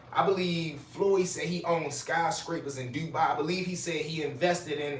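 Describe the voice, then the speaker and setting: A man's voice: fairly high pitch, recorded from a distance. A man hosting a casual livestream. He talks loose and profane and speaks straight to his chat while he reacts to the news. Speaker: livestream host. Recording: roomy echo, faint noise.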